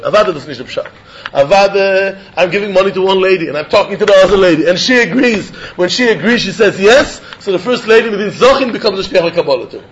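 A man teaching a Talmud lesson, reasoning aloud in an animated way, often chuckling and repeating words. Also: high voice. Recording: dull lo-fi recording.

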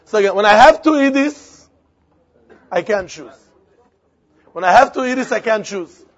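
A man's voice: sits high, lively intonation, normal speed. A man teaching a Talmud lesson, repeating phrases and posing and answering his own questions. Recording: dull lo-fi recording with faint crowd.

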